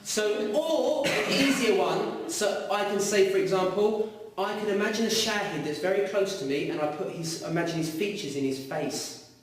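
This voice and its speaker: A man teaching a class, lively and quizzing his students. His voice sits fairly high for a man. It is recorded from a distance in a very echoey room. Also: moderate pace, few pauses. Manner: lively, asks students questions. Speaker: Arabic teacher. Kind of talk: classroom lecture. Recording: echoey room, mic far off.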